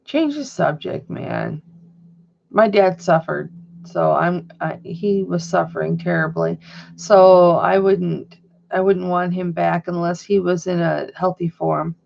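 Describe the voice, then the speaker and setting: A woman's voice: lowish voice, takes it slowly, gravelly, a little mellow, lo-fi sound. A woman vlogging from home in a rambling, chatty way. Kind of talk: casual chat.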